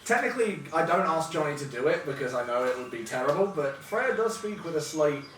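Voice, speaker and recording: A man's voice: on the high side, big pitch swings, a little fast, fairly bright tone. A man narrating as game master of a tabletop game, laughing often. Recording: roomy, distant, noisy room mic.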